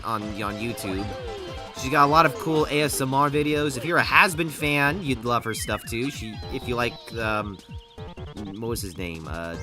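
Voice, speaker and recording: Rambling, animated game streamer. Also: medium pitch. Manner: rambling with many restarts and lively swings. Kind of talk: casual livestream chat. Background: game music.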